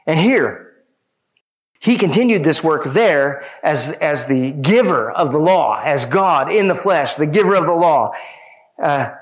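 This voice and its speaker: A man preaching a sermon, speaking emphatically and addressing his listeners directly. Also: fairly high pitch.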